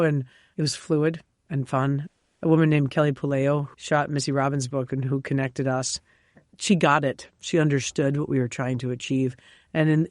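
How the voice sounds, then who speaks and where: A woman chef from New York, a guest on an interview show, telling lively stories with frequent laughs and fillers. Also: deep voice, no room sound, clean studio sound. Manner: animated storyteller, laughs often, many fillers. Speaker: chef and cookbook author, guest. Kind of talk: casual interview chat.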